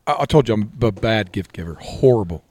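Animated young man telling a story. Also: lowish voice, fast talker, dry recording. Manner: animated storyteller, swings into loud excited outbursts. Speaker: podcast co-host. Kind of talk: casual chat among friends. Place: by a fire.

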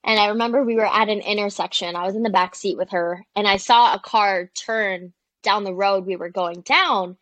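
Brief: young woman, animated storyteller, dry close sound, mid pitch. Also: normal speed, no room sound. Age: young adult. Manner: chatty and animated, many "like"s, quoting people. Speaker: guest, social media creator. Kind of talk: casual storytelling in an interview.

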